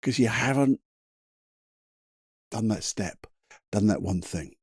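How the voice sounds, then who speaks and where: A man talks through a solo motivational podcast in a chatty, emphatic way, his voice husky and mellow. His pitch rises and falls a lot as he drives a point home. The sound is close and dry, with no room around it. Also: lively intonation, slow pace, dry recording. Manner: chatty, emphatic, swears casually, laughs at himself. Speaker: podcast host.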